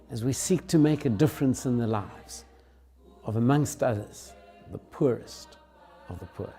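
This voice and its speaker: A man's voice: medium pitch, warm tone, breathy edge. A man narrating earnestly about a ministry and telling a story. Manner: earnest, storytelling with acted quotes.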